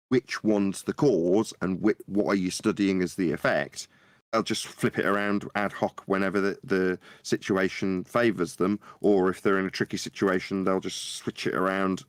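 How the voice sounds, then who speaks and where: Male panelist, low voice, dry close mic, lively storyteller. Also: no room sound. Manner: animated storytelling, acts out quotes in a high voice. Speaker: podcast panelist. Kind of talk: casual chat.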